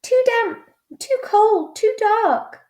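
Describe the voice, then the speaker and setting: A woman voicing a tiny, fretful male mouse in a high squeak. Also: lively intonation, slow, darkish tone, full character voice. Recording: roomy echo.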